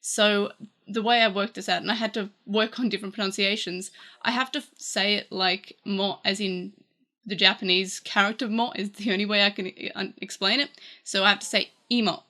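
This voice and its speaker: A woman's voice: medium pitch, fairly even intonation, normal speed, bright, forceful tone. A woman with an Australian accent, chatting casually through a gadget review, rambling a little with fillers and restarts. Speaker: tech reviewer.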